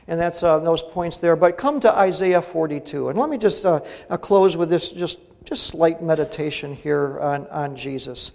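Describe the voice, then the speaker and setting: Gravelly-voiced pastor preaching in a hall. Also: male voice, on the high side, moderate pace, few pauses, a little mellow. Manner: earnest, rises to emphatic peaks on key phrases. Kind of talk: sermon. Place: church sanctuary. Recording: long reverb of a church hall.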